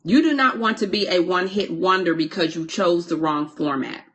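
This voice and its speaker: Speaking at a moderate pace in a fairly low, slightly bright voice, this online course coach teaches on a live stream while reading viewer comments. Her chatty style involves repeated words and mid-sentence pauses to welcome and thank people watching.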